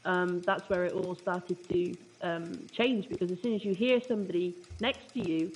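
A woman's voice: lowish voice, fairly even intonation, normal speed, a little mellow. A woman co-hosting a casual talk show, musing aloud in a chatty way with an easy laugh. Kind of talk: casual chat.

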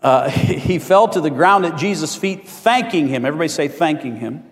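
A man's voice: fairly high pitch, animated, normal speed, long reverb tail. A male pastor preaching a sermon in a folksy way, asking for amens from the congregation.

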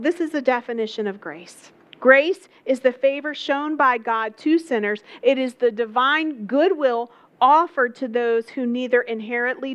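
A woman's voice: fairly high pitch, a bit bright, highs cut off. A woman preaching a sermon, telling a story with emphatic repetition.

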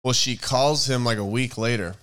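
Rambling man with a smooth voice. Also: medium pitch, normal speed, a bit bright. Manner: rambling, acts out quoted voices. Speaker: podcast co-host. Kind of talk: casual chat retelling a story.

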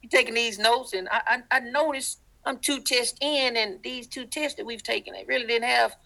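A man with a deep Southern accent, a guest in a casual interview, telling animated stories and acting out the people he quotes. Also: moderate pace, creaky, poor audio. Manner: animated, acts out quoted voices.

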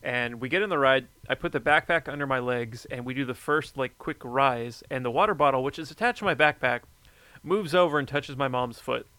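A man chatting casually, telling a story with lively energy and plenty of swearing. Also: medium pitch, fairly quick, smooth, no echo. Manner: animated storyteller, swears freely. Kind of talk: casual chat.

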